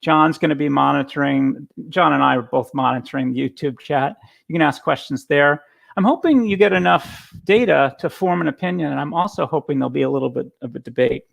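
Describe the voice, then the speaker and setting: Gravelly-voiced man giving a talk. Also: a little high, brisk. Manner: casual storytelling with frequent restarts. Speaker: guest speaker. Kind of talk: conference talk.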